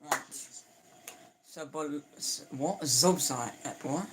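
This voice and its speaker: A man's voice: fairly high pitch, slow, a crowd in the background. A young man chatting through a live football match, opinionated, stumbling and restarting often. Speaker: football watchalong streamer. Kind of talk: casual live match commentary.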